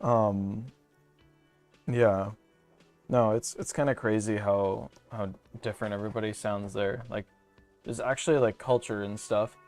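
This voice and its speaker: A man's voice: fairly low pitch, fairly even intonation, measured pace, a little mellow, soft background music. Rambling, profane man. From Canada. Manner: rambling, profane, jokey asides. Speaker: streamer. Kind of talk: casual gaming commentary.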